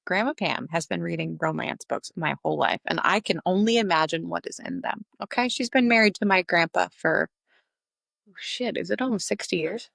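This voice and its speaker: Sassy young woman co-host, gravelly fry in her voice, dry close mic. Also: lowish voice, a little fast, a bit bright, dry recording. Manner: sassy, teasing, swears casually. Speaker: podcast co-host. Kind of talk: casual book discussion.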